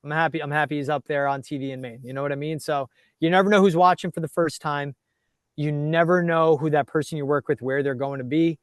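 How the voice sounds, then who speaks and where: Fast-talking man giving energetic career advice. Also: fairly high pitch, clean tone, no echo, clean studio sound. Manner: energetic, coaching tone, acts out quotes. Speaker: guest, TV sports reporter. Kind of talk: casual interview chat.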